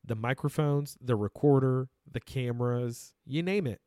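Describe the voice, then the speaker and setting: A man's voice: mid-range voice, moderate pace, mellow, clear, resonant tone, no echo. A man hosting his own podcast, a native Arabic speaker with a mid-range voice. He talks emphatically and casually, often restarting his sentences. The studio sound is close and dry. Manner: conversational, emphatic, with frequent restarts. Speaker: podcast host.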